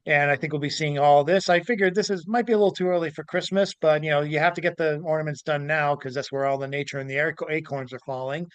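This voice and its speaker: A man hosting a casual podcast, animated, laughing easily and stumbling over words as he chats and reads aloud. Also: fairly high pitch, quick pace, hardly any pauses, smooth, no room sound, lo-fi sound. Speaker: podcast host. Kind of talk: casual chat and reading aloud.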